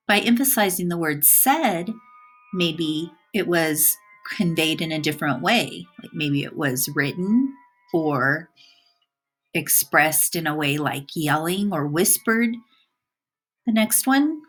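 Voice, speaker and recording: A woman teacher narrating a recorded slide lesson, speaking clearly and deliberately, stressing single words for emphasis. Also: fairly low pitch, lively intonation, a bit bright, faint music behind.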